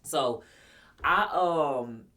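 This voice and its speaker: A woman's voice: low voice, lively intonation, very slow, bright, forceful tone, distant mic. A woman in her forties casually telling a personal story to her viewers, blunt, slangy and profane. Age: 40s. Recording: voice somewhat off-mic.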